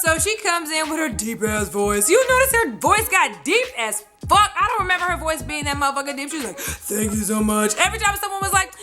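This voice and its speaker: A woman's voice: very high voice, a little fast, hardly any pauses, over music. A woman doing a profane, sassy recap vlog of a reality show, acting out what people said. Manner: sassy, animated, acts out quotes. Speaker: vlogger reviewing a reality show.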